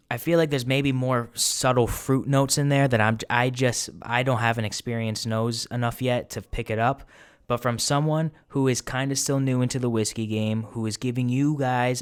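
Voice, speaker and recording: Man, home whisky review host, smooth voice, rambling and filler-heavy. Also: fairly low pitch. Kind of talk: casual whisky tasting review. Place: apartment.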